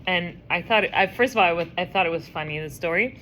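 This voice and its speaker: A woman teaching a class, telling a story in a lively, chatty way and acting out the voices. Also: lowish voice, quick pace, slight background noise. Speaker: teacher leading a women's class. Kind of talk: casual storytelling lesson.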